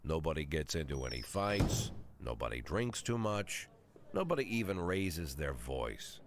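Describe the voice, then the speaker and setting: A man's voice: very deep voice, sing-song, measured pace, full character voice. A man voicing a cynical, weary police chief in his sixties, narrating a video game in a dry, sardonic monologue. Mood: wry. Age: 60s.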